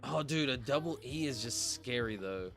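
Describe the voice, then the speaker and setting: A young man chatting casually on a livestream while gaming, relaxed and rambling, full of slang. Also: mid-range voice, moderate pace, vocal fry, soft background music. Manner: relaxed, rambling, slangy, says "bro" often.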